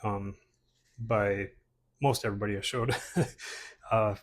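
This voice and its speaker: A man's voice: fairly low pitch, steady tone, unhurried, slight background noise. A man casually talking through his old comic portfolio pages, rambling with many fillers and restarts. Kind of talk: casual chat.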